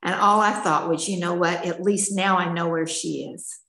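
A woman's voice: fairly low pitch, fairly even intonation, moderate pace, pushed and bright, echoey room, rough recording. An older woman telling her personal story at a recovery meeting, candid and emotional, in a chatty storytelling manner. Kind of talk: personal testimony.

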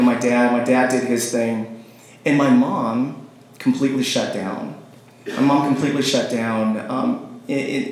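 A man telling a rambling personal story, with many fillers and restarts, often laughing and acting out phone calls. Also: medium pitch. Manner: acts out phone calls in quoted voices. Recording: very echoey room, faint noise.

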